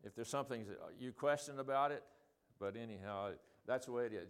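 An older man leading an informal group Bible study, rambling with many ums and restarts and reading quotations slowly. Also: medium pitch, clean tone.

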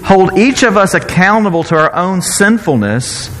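A male pastor delivering a sermon with a lively, swooping voice that runs slightly high for a man. He talks in an animated, playful way and often stops and restarts his sentences. His voice rings out with a long hall reverb. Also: moderate pace. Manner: animated, self-interrupting, playful asides.

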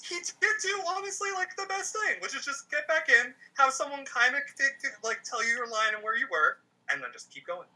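Bright, animated Appalachian-accented speaker. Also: high-pitched, fairly quick, hardly any pauses, rough recording. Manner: animated and expressive, frequent "like" fillers. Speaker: podcast co-host. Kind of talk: casual chat.

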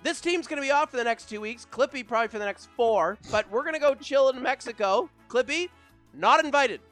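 A man with a very high, bright voice hosts a football podcast. He jokes around and swears freely in loose banter with his co-hosts, and his pitch rises and falls a lot. Faint music plays behind him. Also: lively intonation, a little fast. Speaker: podcast host. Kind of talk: casual banter.

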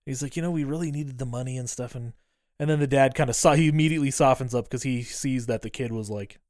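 A man's voice: mid-range voice, fast, darkish tone, no echo, studio quality. A man co-hosting a podcast, casually recapping a movie scene by scene, acting out the characters' lines, laughing and swearing as he goes. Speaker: podcast co-host.

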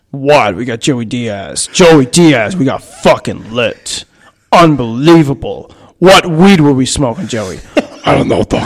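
An excitable, hyped-up podcast host, as a man puts him on, firing off exclamations and swearing. The voice has a creaky rasp underneath. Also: fairly high pitch, full character voice. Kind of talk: comic impression.

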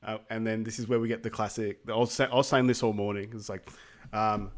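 A man co-hosting a podcast, recapping a film in a relaxed way, with ums and quoted scenes. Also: fairly low pitch, fast. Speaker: podcast co-host. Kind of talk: casual film recap chat.

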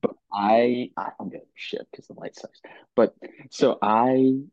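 A young man in casual podcast conversation, earnest and halting, often restarting his sentences. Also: mid-range voice, steady tone, a little mellow, no echo. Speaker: podcast guest. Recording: dry, dull lo-fi sound.

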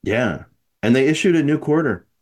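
A man's voice: medium pitch, animated, moderate pace, darkish tone. A man hosting a podcast in casual chat, rambling and correcting himself with frequent chuckles. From American Midwest. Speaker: podcast host.

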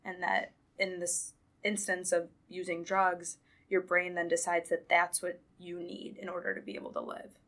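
A woman co-host explaining things steadily in a relaxed conversational tone. Her voice sits a little on the low side. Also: moderate pace. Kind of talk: casual conversational talk.

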